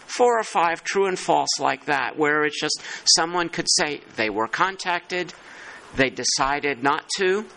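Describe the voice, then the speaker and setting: A man leads a working-group meeting in a slightly high, bright, tense voice. He thinks aloud as he goes and pokes fun at himself now and then. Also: animated, measured pace, vocal fry, rough recording. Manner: thinking aloud, self-deprecating. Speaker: meeting chair.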